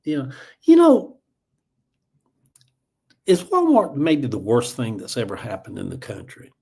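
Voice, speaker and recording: A livestream host in his 40s or older, with a Georgia Southern accent, rambles in a folksy, casual way and reads viewer comments aloud. His medium-pitched voice is creaky, darkish and slightly rough, unhurried, with huge swings in pitch.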